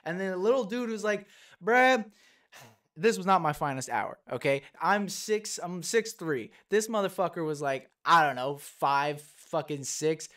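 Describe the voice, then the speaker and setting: A young man co-hosting a podcast, cutting in to tell his side of a story in profane, animated casual chat. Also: high voice, a little slow. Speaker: podcast co-host.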